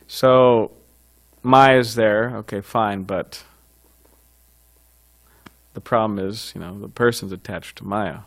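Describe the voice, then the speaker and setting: A man's voice: fairly low pitch, fairly even intonation, slow, long pauses, fairly bright tone. A man giving an informal scripture class, talking conversationally with frequent fillers and light chuckles.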